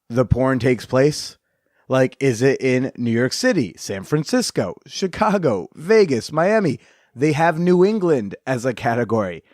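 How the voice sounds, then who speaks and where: A man's voice: mid-range voice, no room sound, studio quality. A man hosting a podcast, reading sponsor ads and joking in a rambling, sarcastic way. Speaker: podcast host. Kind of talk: casual podcast chat with ad reads.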